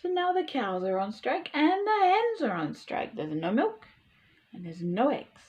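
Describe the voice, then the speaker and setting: Slow, lively woman reading to kids. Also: sits high. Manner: slow, animated, asks the listener questions. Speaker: storytime reader. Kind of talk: children's read-aloud.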